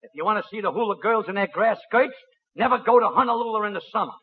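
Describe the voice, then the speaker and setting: A man's voice: sits high, fast, breathy edge. A man hosting a 1940s radio comedy show, wisecracking and laughing at his own jokes. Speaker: host. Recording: tinny old radio broadcast with hiss.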